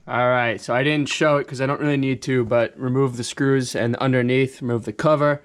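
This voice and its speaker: A man's voice: mid-range voice, fairly even intonation, fairly quick. A young man who runs a car repair channel, chatting casually and thinking aloud as he works under a car. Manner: talks while working, thinks aloud. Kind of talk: casual hands-on explanation.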